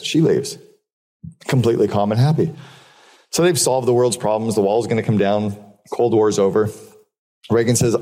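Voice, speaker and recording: In a long-reverb hall, a man gives a live business keynote that's candid and profane, built on stories and repeated points. His voice is on the low side and dark, steady in tone, and a little fast.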